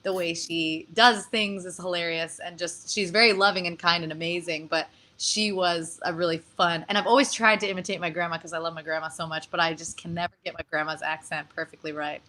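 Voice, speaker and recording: A woman speaks as a guest on a video call, her voice sitting a little low yet sounding bright and forceful. She talks in an animated, casual way and breaks into laughter often. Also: fairly quick, hardly any pauses, rough recording. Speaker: guest performer. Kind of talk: casual interview chat.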